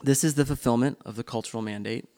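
A man's voice: mid-range voice, fast talker, dark tone. A man leading a church class discussion in a loose, unscripted way, with frequent ums and restarts.

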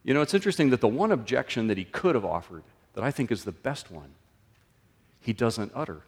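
A man preaching a sermon in a conversational way, his voice often rising and then dropping low and soft. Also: expressive, brisk, husky. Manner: conversational, with sudden lifts and drops in pitch and loudness. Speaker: pastor. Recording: long reverb of a large room.

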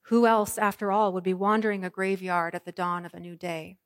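A woman's voice: fairly low pitch, flat delivery, a little fast, no room sound, clean studio sound. Woman preaching with dramatic swings. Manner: dramatic, varied delivery with soft hushed lines and ringing proclamations. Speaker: pastor. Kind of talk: sermon.

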